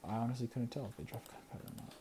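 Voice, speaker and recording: Rapid-fire and fairly flat in intonation, a medium-pitched voice mumbles over gameplay, counting under its breath, chuckling and slipping into whispers at times. It's a creator chatting casually to themselves, with plenty of background noise.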